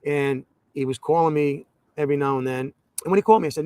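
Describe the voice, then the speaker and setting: A former state representative in an interview, recounting events animatedly and acting out both sides of phone calls. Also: male voice, fairly high pitch, quick pace, no room sound. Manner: animated, quotes dialogue with mocking jokes. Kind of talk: interview storytelling.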